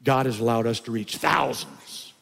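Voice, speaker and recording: An older pastor delivers a sermon in a gravelly voice, now and then climbing into loud, high-pitched emphasis. His words ring out in a church sanctuary with a long, trailing reverb. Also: moderate pace.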